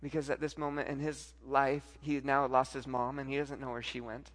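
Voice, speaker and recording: A man telling a personal faith story to a live audience, animated, often repeating words and acting out what people said. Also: mid-range voice, brisk, long reverb tail.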